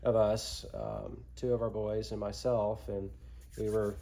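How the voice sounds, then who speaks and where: Man, husband, casual storytelling, matter-of-fact, steady delivery. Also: on the low side, a little slow, gravelly. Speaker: husband and father adding to the story.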